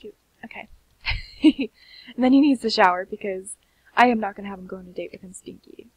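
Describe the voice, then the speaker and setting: A young woman giving sleepy, chatty commentary on a life-sim game, often slipping into soft half-whispers. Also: mid-range voice, a little fast, slightly rough, no echo, poor audio. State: sleepy, keeps yawning. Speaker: gaming channel host. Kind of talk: casual gameplay commentary.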